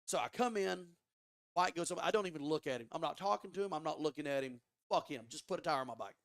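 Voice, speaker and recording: A man tells a story in a casual, excitable way, with plenty of swearing and false starts. His voice sits fairly high. The sound is dry and close, with no room echo. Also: fast talker, gravelly. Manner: animated, profane, frequent restarts. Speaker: podcast guest. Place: studio.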